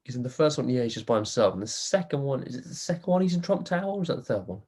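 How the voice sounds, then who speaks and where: A man's voice: medium pitch, big pitch swings, rapid-fire, mellow. A man in casual podcast chat, telling a story animatedly and acting out the quotes.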